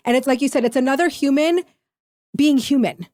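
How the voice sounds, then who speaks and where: Female podcast host, affirming and encouraging, fairly high voice. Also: a little fast. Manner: warm, affirming listener. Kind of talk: casual interview chat.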